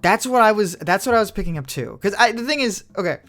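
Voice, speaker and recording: This young podcast co-host speaks fast in a high, expressive, fairly bright voice, rambling through casual chat packed with "like" and offhand swearing.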